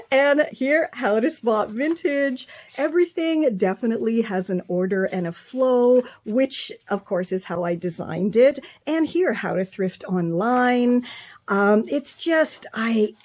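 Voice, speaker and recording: A woman's voice: fairly high pitch, darkish tone. A woman vlogger and craft author showing her work in a casual show-and-tell, effusive and openly proud.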